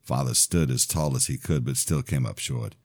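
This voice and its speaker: A man narrating his own novel aloud in an expressive first-person telling. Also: very deep voice, moderate pace, no room sound, clean studio sound. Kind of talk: audiobook-style fiction reading.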